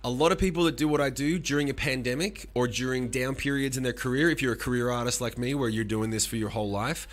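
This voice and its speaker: A man in his forties, a musician streaming live, talking casually with animated, profane rants and answering chat. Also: mid-range voice, fast talker, few pauses.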